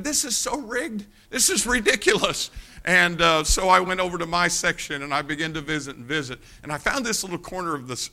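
A man from the United States preaching a sermon, telling an animated personal anecdote and addressing the congregation directly. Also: fairly high pitch. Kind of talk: sermon storytelling.

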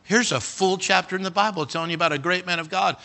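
Bright-voiced preacher. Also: male voice, high voice, fast talker, creaky. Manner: animated, dramatic, talks directly to the congregation. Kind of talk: sermon. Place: church.

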